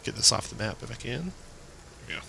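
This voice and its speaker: A man narrating as game master, calmly describing the scene and prompting players. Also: medium pitch, vocal fry, a little hiss or hum. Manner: relaxed, measured narration.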